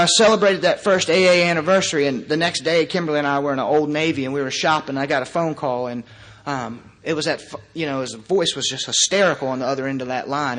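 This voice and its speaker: A man's voice: fairly high pitch, a bit bright. A young man speaking at a recovery meeting, telling his personal story in an earnest, conversational way.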